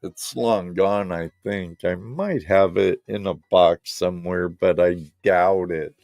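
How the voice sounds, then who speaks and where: A creaky, low, slightly mellow male voice at a slow pace belongs to a Southern Californian hosting a casual live stream. He rambles in a laid-back way, addressing his viewers directly, with faint music behind and no echo.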